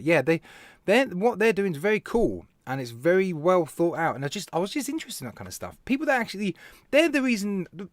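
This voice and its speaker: A man with a British accent hosting a casual live stream, telling stories in an animated way, laughing and talking to viewers by name. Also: on the high side, no echo. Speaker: live show host, vape reviewer.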